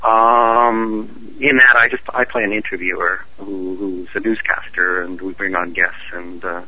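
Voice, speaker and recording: A man's voice: low-pitched, fairly even intonation, unhurried, sharp tone, no echo, highs cut off. A male actor being interviewed over a call, friendly and talkative, explaining at length with frequent uhs. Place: on a call from his home city.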